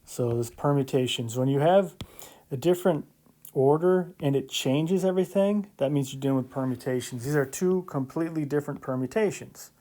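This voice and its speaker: A man's voice: on the high side, brisk, warm tone. A man teaching a recorded math lecture, explaining step by step in a conversational way, with joking asides and frequent checks like "right?". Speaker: math instructor.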